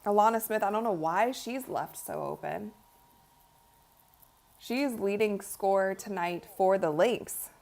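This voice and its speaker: A giggly, chatty woman calls a basketball game live for her stream, talking straight to her viewers. Her voice sits at a middling pitch, and her commentary stays loose and conversational. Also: a little slow, creaky, darkish tone. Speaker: live-stream watch-party host.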